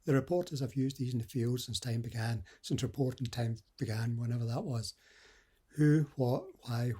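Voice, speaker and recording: A middle-aged man speaks with a husky edge in a mellow, warm tone. He gives dating and confidence advice in an earnest, conversational way. He often acts out little example dialogues. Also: medium pitch. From west coast of Scotland. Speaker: dating coach. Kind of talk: motivational advice talk.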